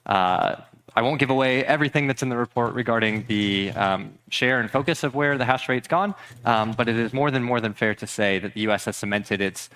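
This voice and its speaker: A man giving a measured, informative research talk on a conference stage. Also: mid-range voice, a bit bright, smooth. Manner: measured, informative, slightly formal. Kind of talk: conference presentation.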